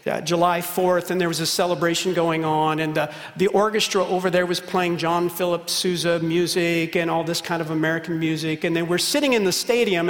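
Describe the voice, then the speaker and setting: Middle-aged pastor guy preaching, gravelly voice, big roomy church reverb, goes loud then real quiet. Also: fairly high pitch. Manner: impassioned preaching, swings from loud to hushed. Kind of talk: sermon. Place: church sanctuary.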